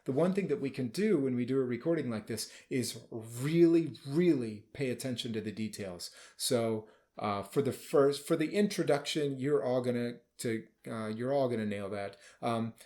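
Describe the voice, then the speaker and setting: A man's voice: medium pitch, animated, moderate pace, darkish tone. A man leading a band rehearsal as conductor, explaining casually and now and then singing or calling out musical phrases. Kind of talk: rehearsal instruction.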